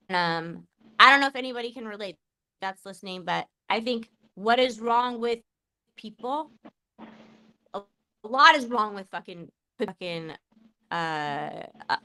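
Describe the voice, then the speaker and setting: A woman's voice: medium pitch, pushed and bright. A woman in her forties hosting a podcast, talking with raw emotion, swearing often and restarting her sentences. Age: 40s. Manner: impassioned, swearing, halting restarts. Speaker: podcast host. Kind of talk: emotional casual chat.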